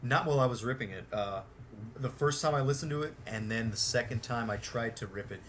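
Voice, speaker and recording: A male podcast host talking loosely in an everyday voice of ordinary pitch. He rambles, restarts and swears freely. A faint hiss of noise sits under the voice. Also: fairly quick, a bit bright. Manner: rambling, profane, heavy on fillers. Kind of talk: casual podcast chat.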